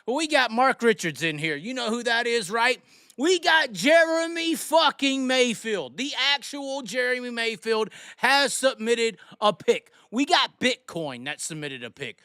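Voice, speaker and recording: A man hosting a rowdy live stream, announcing loudly and swearing often like a hype man. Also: extremely high pitch, expressive, moderate pace, few pauses, smooth, dry recording, studio quality. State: frustrated and worked up. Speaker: livestream host.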